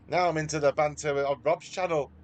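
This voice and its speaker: A man with a Mancunian accent, chatting casually with viewers on a live stream and reading out their messages in a matey way. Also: a little high. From Manchester, England. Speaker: livestreamer.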